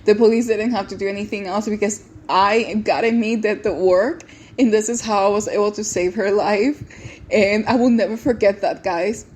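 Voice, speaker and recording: A woman's voice: mid-range voice, steady tone, normal speed, darkish tone. Tearful woman podcast host. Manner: earnest, tearful, repeats words and restarts often. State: close to tears. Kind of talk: emotional personal testimony and encouragement.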